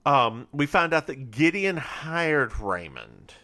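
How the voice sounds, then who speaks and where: Man from North Carolina co-hosting a chatty recap podcast; bright, lively voice. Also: a little high. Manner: animated storytelling with quick put-on character voices. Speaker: podcast co-host recapping a TV episode. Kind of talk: casual chat.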